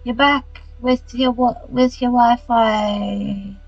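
A woman's voice: fairly high pitch, steady tone, slow, dry recording, dull audio, soft background music. Chatty Australian woman streaming a game. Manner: chatty, muttering reactions to the game, laughs easily. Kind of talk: casual gameplay chat with live viewers.

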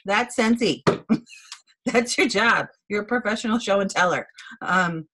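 A woman's voice: medium pitch, unhurried, a bit bright, slightly rough, low-quality recording. A chatty, bubbly woman giving a blunt training talk as a team director on a video call. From Wisconsin, USA.

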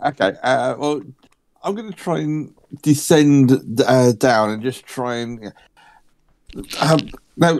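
A man's voice: mid-range voice, takes it slowly, darkish tone. A man playing a tabletop roleplaying game, stammering and earnest as he talks in character. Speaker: player.

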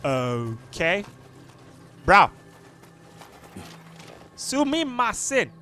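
A man giving let's play commentary, excitable and yelling his reactions at enemies over game music. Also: high voice, extremely slow. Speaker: gamer.

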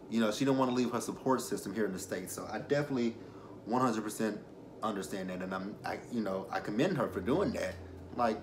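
A man's voice: fairly low pitch, slight background noise. A young man reviewing a reality show, rambling and self-correcting as he tells emotional personal stories. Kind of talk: casual commentary with personal stories.

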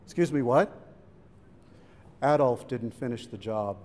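A middle-aged man with a medium-pitched voice speaks a little slowly at a public event in a museum event hall. He tells a family story in a conversational way, performing the voices of the people he quotes. The recording has hall reverb and faint background noise.

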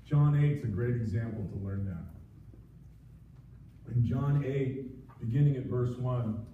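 A man's voice: medium pitch, slow pace, slight background noise. A man preaching a sermon as pastor, earnest and pleading, with frequent restarts. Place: church sanctuary. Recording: distant, echoey, muffled livestream audio.

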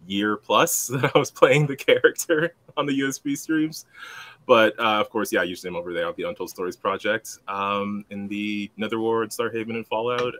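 A man's voice: lowish voice, a bit bright. A man introducing himself as a player on a game stream, rambling and self-deprecating in casual chat.

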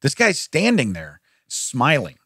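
Recorded cleanly on a studio mic with no echo, this podcast co-host has a medium-pitched voice with a breathy edge and takes his time. He tells a story animatedly in casual conversation, laughs a lot, and performs the quoted voices.

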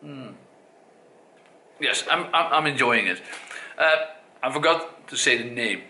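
A man's voice: mid-range voice, animated, unhurried, bright, forceful tone, slight background noise. A man with a Dutch accent giving a casual spoken review, hesitant with many fillers and self-corrections. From Netherlands. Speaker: cigar reviewer. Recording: echoey room.

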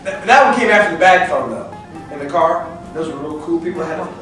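A man in his thirties giving a leadership seminar talk as a motivational speaker, animated, acting out little scenes and laughing often. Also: on the high side, quick pace. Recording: echoey hall from far off, faint music.

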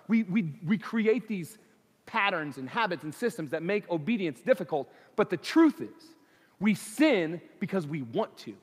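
A man preaching in a church sanctuary, his fairly high voice carrying a long reverb through the hall. He speaks with earnest conviction and stacks repeated phrases as his intensity builds. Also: sing-song, moderate pace, breathy edge. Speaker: pastor. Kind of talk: sermon.

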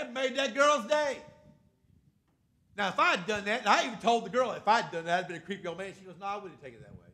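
A man's voice: sits high, fast talker, sharp tone. An older man preaching a sermon, emphatic and calling on the congregation for amens.

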